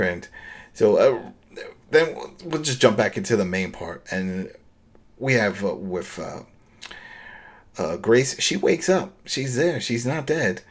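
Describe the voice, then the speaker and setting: A man's voice: lowish voice, animated, measured pace, husky. A man co-hosting a podcast, recapping a TV episode in casual chat, rambling and acting out the characters' lines. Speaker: podcast co-host.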